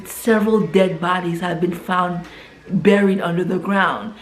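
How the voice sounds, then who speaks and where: A woman's voice: on the low side, fairly even intonation. Woman in a roomy, echoey room, retelling a story. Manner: tags nearly every sentence with "right?"; stumbles and repeats words as she rushes on. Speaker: vlogger retelling a film plot. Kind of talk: casual spoken retelling. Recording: roomy echo.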